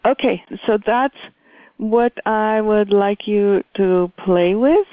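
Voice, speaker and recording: Measured woman teaching over a tinny line. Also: medium pitch. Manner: measured, deliberate, pausing often. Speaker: workshop facilitator. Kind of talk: teaching a communication workshop. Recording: dry, phone-like line.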